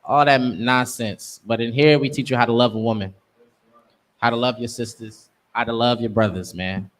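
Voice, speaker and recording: A man's voice: mid-range voice, steady tone, moderate pace. A young man teaching a scripture class, preaching emphatically in street slang. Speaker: class instructor.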